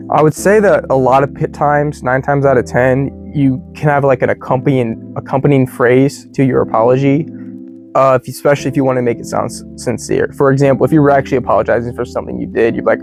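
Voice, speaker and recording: An American man teaching English in a relaxed, slangy way, full of "you know" and "like". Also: medium pitch, gravelly. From United States. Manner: laid-back, slangy, many fillers like "you know" and "like". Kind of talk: casual explanatory lesson. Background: faint guitar music.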